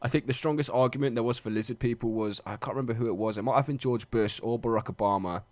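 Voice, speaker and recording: A man's voice: mid-range voice, fast talker, darkish tone, no echo. A young man co-hosting a podcast, chatting casually, sweary and jokey. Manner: sweary, jokey, puts on mock voices. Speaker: podcast co-host. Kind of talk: casual banter.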